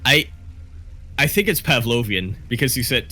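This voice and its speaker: A man casting a live video game match, quick, rambling and joking. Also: medium pitch, animated, bright, forceful tone, soft background music. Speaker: esports caster.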